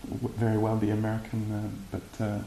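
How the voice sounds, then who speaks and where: A man giving a meditation talk and answering questions, speaking haltingly with many fillers and restarts. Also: on the low side, completely flat delivery, creaky, warm tone. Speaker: meditation teacher. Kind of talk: dharma talk and Q&A. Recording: echoey room with faint hiss.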